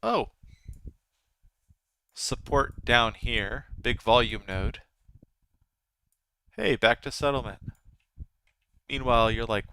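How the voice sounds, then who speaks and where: A man's voice: medium pitch, slow, pauses often, bright, forceful tone, smooth. A man in his thirties hosting a live trading stream, chatting casually with his viewers as he comments. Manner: chatty, talks to viewers and chat. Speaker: livestream trading host.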